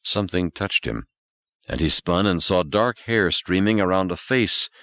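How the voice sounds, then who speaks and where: A man's voice: low-pitched, lively intonation, a little slow, sharp tone, no echo, muffled recording. A man narrating an audiobook in a dramatic, suspenseful reading style. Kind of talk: scripted narration.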